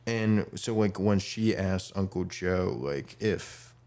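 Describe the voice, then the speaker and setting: Deep-voiced and a little mellow, this young man speaks slowly as he co-hosts a podcast. His casual talk rambles, is packed with fillers, and includes quotes he acts out.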